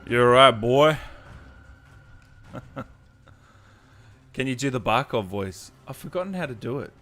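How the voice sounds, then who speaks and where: A man's voice: mid-range voice, very animated, moderate pace, fairly bright tone. A tired Australian man hosting a casual live gaming stream, reading viewer comments aloud and answering them in a laid-back way. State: tired, just woke up.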